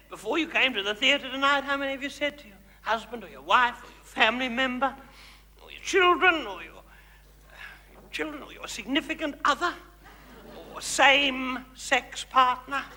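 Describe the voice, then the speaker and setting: A man's voice: extremely high pitch, animated, normal speed, bright, forceful tone, heavily acted. A man with an Australian accent playing a vain, glamorous female megastar who was once a housewife, teasing a theatre audience in a live comedy monologue. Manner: camp, teasing, gushing, calls audience darlings. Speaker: stage comedian. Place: large theatre stage before an audience. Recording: reverberant theatre hall, audience noise, VHS broadcast.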